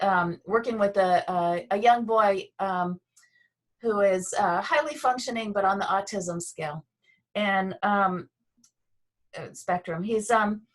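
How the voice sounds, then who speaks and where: A woman teaching a Feldenkrais movement and voice lesson on a video call, guiding slowly and gently with pauses. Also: mid-range voice.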